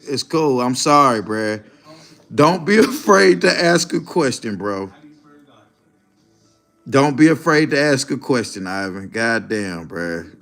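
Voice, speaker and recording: A man's voice: medium pitch, expressive, takes it slowly, creaky, fairly bright tone. A man hosting a casual livestream, talking to his chat in a rambling, profane way and laughing often. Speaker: livestream host.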